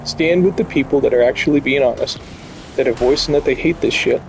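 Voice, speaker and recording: A man's voice: mid-range voice, brisk, a little mellow, soft background music, low-quality recording. A man hosting a gaming channel, delivering blunt, profane, heated commentary over gameplay.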